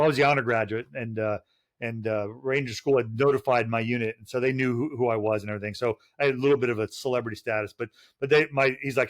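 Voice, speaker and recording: A man's voice: mid-range voice, rapid-fire. Profane middle-aged man telling war stories. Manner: profane, rambling anecdotes with many restarts. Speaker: guest, retired Special Forces officer. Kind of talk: casual podcast storytelling.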